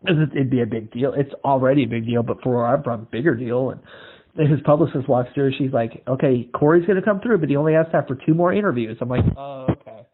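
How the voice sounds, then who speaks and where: A man's voice: mid-range voice, fast, breathy edge. A male podcast host from Iowa, telling stories in casual chat, acting out the voices in them and swearing freely. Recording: tinny phone-like lo-fi audio.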